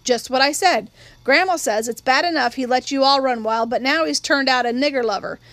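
A woman's voice: high voice, brisk, a bit bright, no room sound. A woman doing a smug, taunting boy cousin. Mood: jeering. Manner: jeering, tattling.

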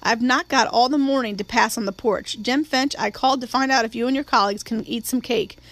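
A woman voicing a brisk, kind, older neighbor woman who speaks crisply and firmly. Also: on the high side, a bit bright, no echo.

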